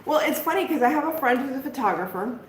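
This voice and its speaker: Woman, middle-aged, fairly high voice, live crafting host, chatty and self-deprecating, roomy echo. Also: animated, fast. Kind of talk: casual live crafting chat. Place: at home, moving outdoors. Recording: roomy home echo, faint background noise.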